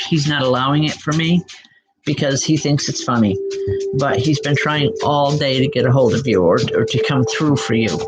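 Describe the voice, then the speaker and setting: A woman giving spiritual readings live to online viewers, speaking gently and reassuringly, calling people by name with many soft hesitations. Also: low-pitched. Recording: dull lo-fi sound with music behind. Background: background music.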